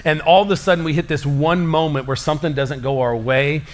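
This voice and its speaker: A man preaching a sermon as pastor, speaking in an animated, conversational way with casual slang. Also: a little high, brisk.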